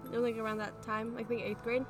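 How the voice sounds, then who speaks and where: A young woman with a fairly high voice, recounting a story in a hesitant, low-key way, pausing on fillers. It is a casual chat among friends, recorded outdoors at night. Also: level tone, music in the background. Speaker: podcast co-host. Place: outdoors at an abandoned aqueduct at night.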